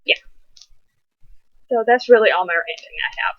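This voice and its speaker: A teenage girl chatting casually on camera, reviewing a book with animated rants. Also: mid-range voice, moderate pace, pauses often, dry recording. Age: teens. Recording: dull, dry lo-fi webcam sound.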